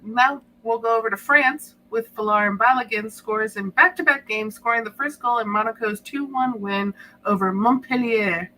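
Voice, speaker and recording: A woman with a bright, fairly high voice hosts a casual sports podcast. She laughs easily as she reads through goal highlights, with a faint hiss in the background. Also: normal speed, low-quality recording. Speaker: podcast host.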